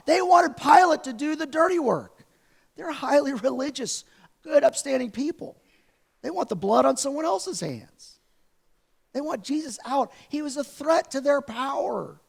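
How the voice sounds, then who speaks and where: High-voiced gravelly man preaching. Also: normal speed. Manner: conversational, animated storytelling preacher. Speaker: pastor. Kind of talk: sermon. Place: church sanctuary.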